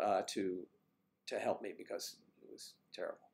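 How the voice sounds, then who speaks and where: An older man hosting a casual livestream, chatting warmly with viewers by name and rambling through stories. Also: low voice, steady tone, moderate pace, gravelly. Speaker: livestream host reading viewer comments. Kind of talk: casual chat.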